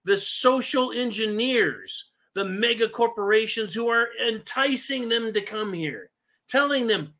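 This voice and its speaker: A man's voice: high voice, a little slow, bright, forceful tone. A man hosting a political commentary show, delivering a vehement, profane rant that keeps turning to address his audience as "folks".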